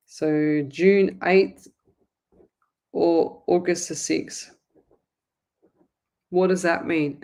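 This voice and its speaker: A woman hosting a live psychic reading show, talking to viewers in a rambling, chatty way with many restarts. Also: on the low side. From Australia. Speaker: psychic medium host.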